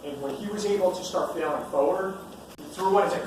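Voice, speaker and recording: A man's voice: high voice, a little fast. A man who coaches youth football telling a story to students, acting out the lines of the people in it. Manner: acts out dialogue while telling stories. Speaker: retired Navy SEAL and youth football coach. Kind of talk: storytelling talk. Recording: echoey hall from far off with hiss.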